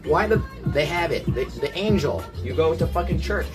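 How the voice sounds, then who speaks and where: A man livestreaming from his apartment, rambling through profane, animated stories in casual chat. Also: on the high side, moderate pace. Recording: loud music playing under the voice.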